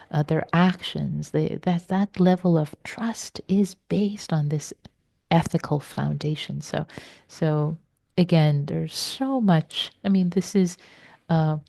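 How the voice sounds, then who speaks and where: A woman meditation teacher giving a slow, reflective dharma talk in a soft voice, with some words whispered for stress. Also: low-pitched, vocal fry, no echo, clean studio sound.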